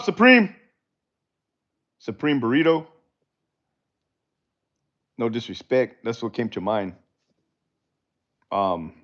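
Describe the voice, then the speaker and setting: A middle-aged man and former prison officer, chatting casually on a livestream and answering viewer questions in a blunt, profane, laid-back way. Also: mid-range voice. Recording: dull lo-fi livestream audio.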